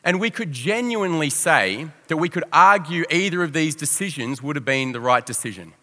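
A young Australian man preaching a sermon as a pastor, telling a personal story in an animated, self-deprecating way and acting out quotes. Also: on the high side, normal speed. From Victoria, Australia. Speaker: youth pastor. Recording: long hall reverb.

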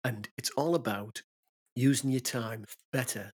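A podcast co-host with a husky voice at a middle pitch. He talks in a chatty, friendly way and laughs easily. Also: measured pace. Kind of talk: casual chat.

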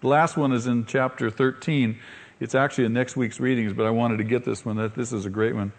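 Speaking at a medium pitch and a little fast, a male pastor preaches, voicing the story's characters with animation. He keeps asking his congregation rhetorical questions.

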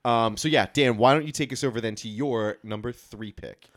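A man's voice: medium pitch, brisk, no room sound, clean studio sound. A man co-hosting a podcast, agreeing with short interjections. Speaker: podcast co-host. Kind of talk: casual chat.

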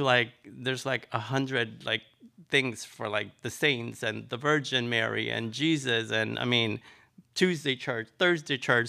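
A middle-aged man from Nicaragua telling his life story in an interview, chatty and animated, with lots of fillers. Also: medium pitch, vocal fry. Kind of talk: personal storytelling.

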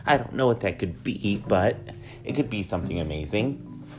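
A man's voice: lowish voice, animated, normal speed, soft background music. A man in his thirties with a nasal voice, hosting a casual solo podcast in a joking, rambling way that often mocks himself. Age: 30s. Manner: joking, rambling, self-mocking. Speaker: podcast host.

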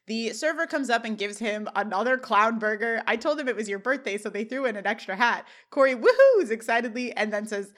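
A woman's voice: fairly high pitch, fairly quick, hardly any pauses. A woman co-hosting a podcast, casually recapping a TV episode scene by scene and laughing often. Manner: animated scene retelling with laughs. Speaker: podcast co-host.

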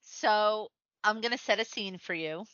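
Bright playful woman on a podcast, sets up scenes, dry lo-fi sound. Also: medium pitch, measured pace, dry recording. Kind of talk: casual fan chat.

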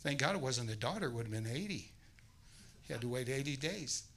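A man preaching as a guest, telling a story with lively gusto and acting out voices. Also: mid-range voice, a little fast, low-quality recording. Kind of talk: sermon.

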